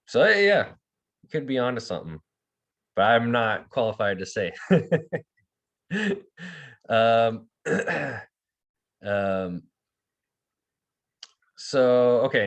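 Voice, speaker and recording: Slow, deep-voiced man teaching a language. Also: big pitch swings. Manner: hesitant, many fillers and restarts; calls on students by name and repeats words for them. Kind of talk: online language class.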